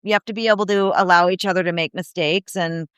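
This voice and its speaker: Smooth-voiced woman telling animated stories. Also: on the low side, fast talker, no room sound, clean studio sound. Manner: animated storyteller, acts out quoted people, many "you know, like" fillers. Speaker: guest, disability advocate and speaker. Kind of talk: casual podcast conversation.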